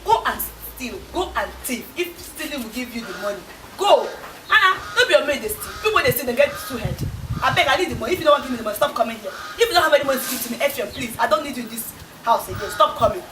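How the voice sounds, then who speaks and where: A woman's voice: sits high, lively intonation, rapid-fire. An actress with a Nigerian accent playing a demanding, scornful girlfriend, mocking in pidgin. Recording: echoey, from far off, hissy.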